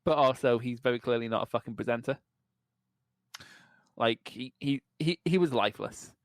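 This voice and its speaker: A man's voice: medium pitch, moderate pace, no echo. A man co-hosting a casual podcast chat, giving blunt opinions and swearing casually. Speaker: podcast co-host.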